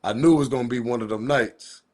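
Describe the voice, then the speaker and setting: A man hosting a commentary channel, talking in a casual, slangy, animated way and repeating his points. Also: mid-range voice, fast. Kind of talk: casual commentary on audio clip.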